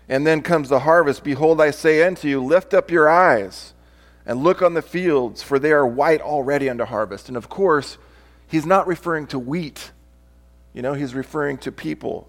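A man's voice: mid-range voice, gravelly. A male pastor preaching a sermon, reading scripture aloud and explaining it, sometimes acting out different tones of voice.

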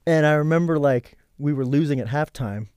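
A man's voice: on the high side, brisk, darkish tone, clean tone, no room sound. A man in his thirties sits as a guest on a casual podcast, telling a long story. He swears often and acts out the lines of everyone involved. He is heard on a close, dry mic with no room sound.

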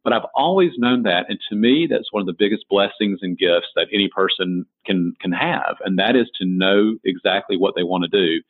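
A designer and author with a Southern American accent answers interview questions in a folksy, story-driven way, frequently starting over mid-thought. His voice is low with a breathy edge, and he talks fairly quickly with hardly any pauses, heard through a tinny phone-like connection.

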